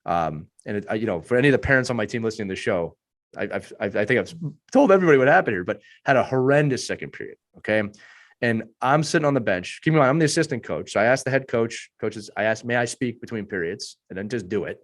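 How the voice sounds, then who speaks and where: A man in his thirties, a youth hockey coach, talking earnestly on a podcast panel with a hoarse voice and repeating points for emphasis. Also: lowish voice, lively intonation, quick pace.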